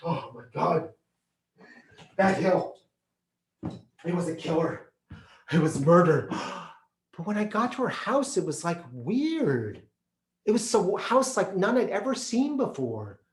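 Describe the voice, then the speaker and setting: A man performing a solo theatrical monologue, animated and playful, acting out the people in his story. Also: on the high side, roomy sound. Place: theater stage.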